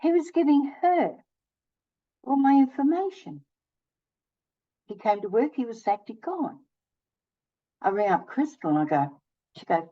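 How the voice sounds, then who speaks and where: On her own channel, an older woman shares a personal story in a casual way, acting out each side of the conversations. She speaks high and very animatedly at a measured pace, leaving long pauses, and the recording is muffled.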